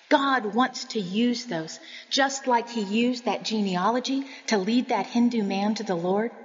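A woman's voice: medium pitch, big-room sound, highs cut off. A woman giving an earnest, sermon-style Bible teaching, telling personal stories.

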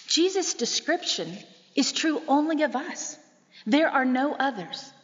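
A woman pastor with a high voice preaches an emphatic, measured sermon and leans on rhetorical questions. Her words ring out with a long reverb, as if in a large sanctuary. The sound is a little muffled and dull. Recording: muffled, echoey sanctuary recording.

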